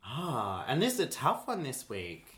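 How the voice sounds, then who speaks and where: A man's voice: medium pitch, a little slow. A man co-hosting a podcast in casual chat, telling stories and acting out little voices. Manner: lively storyteller who acts out voices. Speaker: podcast co-host.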